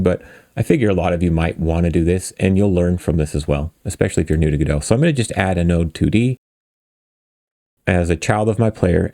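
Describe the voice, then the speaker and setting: A man hosting a game dev tutorial, walking through code in a relaxed, chatty, self-deprecating way. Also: sits low, no room sound, clean studio sound. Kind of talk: casual screen-recorded coding tutorial.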